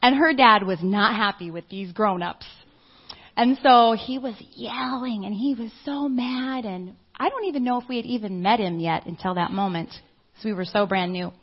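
A middle-aged woman preaching, telling a personal story in an animated way and acting out the people she quotes. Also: on the high side, normal speed, slightly rough. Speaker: church speaker. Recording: dull lo-fi audio.

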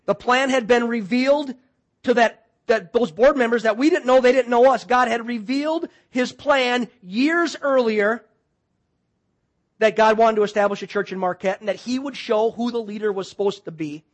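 High-voiced man preaching a story sermon. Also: normal speed. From Wisconsin, US. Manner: animated storytelling, voices quoted people. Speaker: pastor.

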